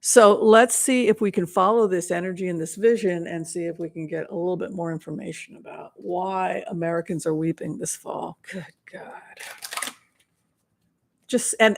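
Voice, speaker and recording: Hosting a casual psychic livestream of tarot readings, a woman speaks with a fairly low, gravelly voice. Her manner is earnest, at times sinking almost to a whisper.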